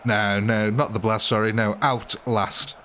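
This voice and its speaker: A man's voice: on the low side, level tone, unhurried, a bit bright, slight background noise. A British man streaming a game live, chatting casually and jokingly with his viewers. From Britain. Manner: joking, chatty, answers chat by name.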